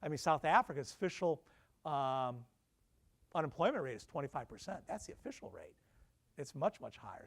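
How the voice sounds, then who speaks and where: A middle-aged professor lecturing alumni in a slightly high voice. He keeps it conversational, tossing questions at the audience and slipping in self-deprecating asides.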